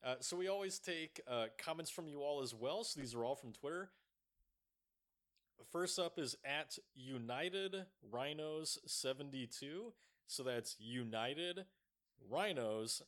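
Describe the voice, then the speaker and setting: A male podcast co-host chatting about a film in a loose, casual way. He gets animated, laughs easily and drops swear words without a second thought. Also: mid-range voice, a little slow. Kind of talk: casual movie-review chat.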